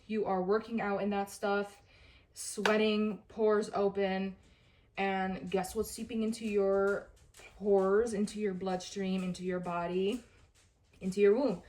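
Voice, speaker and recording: A woman vlogging about wellness to the camera in a casual, earnest way, repeating her pleas for emphasis. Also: mid-range voice.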